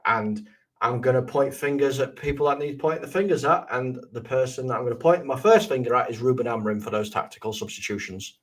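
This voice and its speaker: A man's voice: mid-range voice, fast. A tired man on a fan show, bluntly venting his annoyance about a match. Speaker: co-host pundit. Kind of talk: casual football chat.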